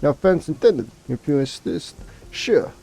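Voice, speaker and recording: A man reading a calm game hero. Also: a little high, a little slow, gravelly, heavily acted. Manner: reads the dialogue choices aloud. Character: calm polite male game protagonist.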